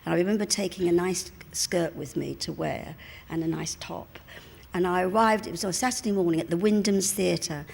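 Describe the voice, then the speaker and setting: A woman's voice: fairly low pitch, brisk, creaky, darkish tone, husky. An older woman in her seventies with a broad London Cockney accent, chatting away on stage as a guest. She tells her stories in a rambling, self-mocking and bawdy way. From East End of London. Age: 70s. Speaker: guest interviewee. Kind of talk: anecdotal storytelling on stage. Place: cinema venue before a live audience.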